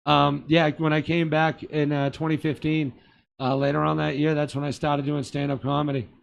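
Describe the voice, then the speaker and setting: A man's voice: on the high side, little pitch movement, moderate pace, creaky. A man from Boston, a comedian guest, telling stories in a casual, rambling way with lots of asides. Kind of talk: casual storytelling chat. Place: small theater.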